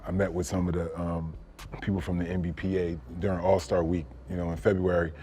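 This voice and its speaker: Lively storytelling man from New Jersey. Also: low voice, brisk, a little hiss or hum. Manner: animated, peppered with "you know what I'm saying". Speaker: former NBA player. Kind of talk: casual storytelling.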